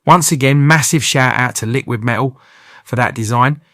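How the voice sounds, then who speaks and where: Male host, cheeky slangy voice-over, mid pitch, dry close sound. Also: normal speed, pushed and bright, no echo. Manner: cheeky banter with British slang. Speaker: channel host. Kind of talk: scripted comic voice-over narration.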